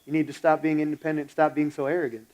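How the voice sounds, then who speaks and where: Blunt, fairly high-voiced male pastor preaching. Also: level tone, fast talker, a little mellow, rough recording. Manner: blunt, exhorting, conversational storytelling. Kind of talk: sermon.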